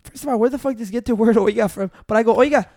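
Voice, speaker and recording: High-voiced man telling a story. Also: racing, a little mellow, no room sound, studio quality. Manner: rambling, profane, mixing in Spanish, keeps saying "wait". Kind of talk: casual storytelling among friends.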